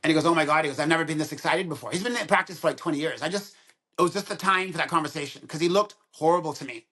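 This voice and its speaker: A dentist of about sixty, appearing as a podcast guest, tells stories at a very fast clip in a slightly high, husky voice. The conversation is casual, and he animatedly acts out both sides of any dialogue he quotes.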